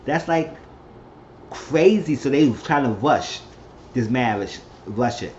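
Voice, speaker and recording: Guy doing a chatty tv recap, mid pitch, kinda dull lo-fi sound w faint hiss. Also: lively intonation, slow, a little mellow. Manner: rambling storyteller, acts out quotes. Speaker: reality TV recap host. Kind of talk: casual recap vlog. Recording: slightly dull lo-fi audio.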